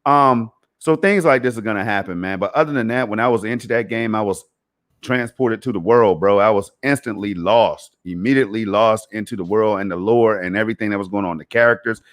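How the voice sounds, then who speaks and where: A man's voice: on the low side, a little fast, fairly bright tone. A man hosting a casual gaming podcast, talking in a laid-back, slangy way and dropping "man" and "bro" into most sentences. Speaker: podcast host.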